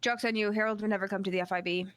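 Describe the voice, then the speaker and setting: A woman answering role-play interview questions in a rambling, animated way, filling pauses with constant mm-hmms. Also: medium pitch, no room sound. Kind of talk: casual role-play chat.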